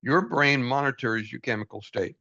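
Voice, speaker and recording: Older man, gravelly voice, folksy book reflection, muffled lo-fi recording. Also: medium pitch, steady tone, normal speed, bright, forceful tone. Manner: earnest, self-deprecating, folksy. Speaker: book study host. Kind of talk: reading aloud and reflecting. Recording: dull lo-fi recording.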